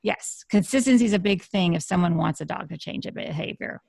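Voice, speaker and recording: A woman's voice: lowish voice, a little fast, creaky, darkish tone, husky, no echo, clean studio sound. A woman being interviewed as a dog communicator, explaining earnestly and often restarting her sentences. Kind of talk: radio interview conversation.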